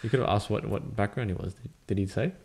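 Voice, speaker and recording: Low-voiced quick-quipping man. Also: a little mellow. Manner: dry teasing quips. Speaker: podcast co-host. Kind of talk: casual chat.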